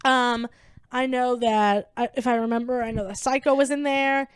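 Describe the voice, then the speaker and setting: A young adult woman co-hosting a comedy podcast, chatting casually and excitedly with lots of "like" and quoted impressions. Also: a little high, a little hiss or hum. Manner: bubbly, rapid recaps full of "like" and quoted impressions. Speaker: podcast co-host.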